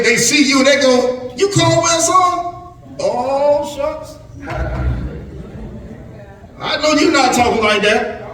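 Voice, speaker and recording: A man preaches to young people, his voice sitting high for a man. He stammers and repeats words as he builds his points. He sounds far from the mic, in a church sanctuary full of echo. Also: a bit bright. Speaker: pastor. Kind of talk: sermon.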